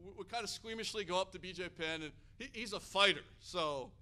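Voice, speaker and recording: A man from Hawaii delivers a sermon full of personal stories, animated and energetic. His voice sits high for a man, with a bright, forceful edge. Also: a little fast. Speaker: pastor.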